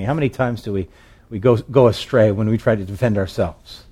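A man's voice: fairly low pitch, brisk, mellow, breathy edge. A male pastor preaching a sermon in a conversational storytelling way, with fillers and restarts.

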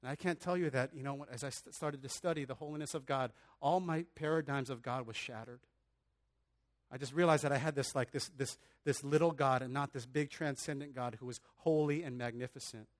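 A man's voice: mid-range voice, a little fast. A man preaching a sermon in an earnest, conversational way, often restarting his phrases and adding casual asides. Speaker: pastor.

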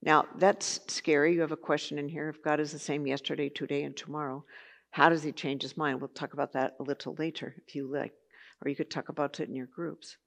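A woman's voice: low-pitched, little pitch movement, brisk, vocal fry. A woman teaching a Bible study lesson in a conversational way, with chatty asides and filler words.

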